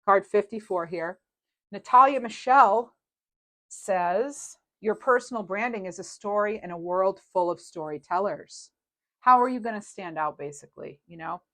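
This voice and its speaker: A woman's voice: medium pitch, moderate pace. A woman reading tarot cards in a casual, rambling and reassuring way, with many fillers. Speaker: tarot reader.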